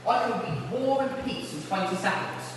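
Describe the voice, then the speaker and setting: A teenage boy doing deadpan stand-up one-liners at a school talent show, pausing before each punchline. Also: extremely high pitch, background noise. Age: teens. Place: school hall with an audience. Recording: echoey hall from far off, audience laughter.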